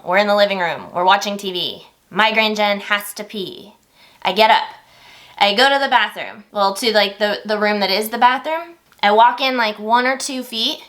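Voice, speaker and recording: A woman vlogger telling stories to the camera in a casual, animated, expressive way. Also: mid-range voice.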